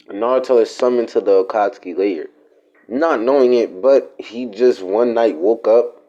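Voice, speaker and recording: A man's voice: fairly low pitch, dark tone, lo-fi sound. A man telling a made-up story in a rambling, slangy, profane way. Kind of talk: casual fan-fiction storytelling.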